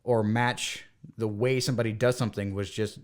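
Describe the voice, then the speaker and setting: A man's voice: lowish voice, a little fast. A man from the United States in casual podcast chat, telling stories animatedly and acting out the voices of the people in them. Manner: animated storyteller, acts out quoted voices. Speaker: podcast co-host.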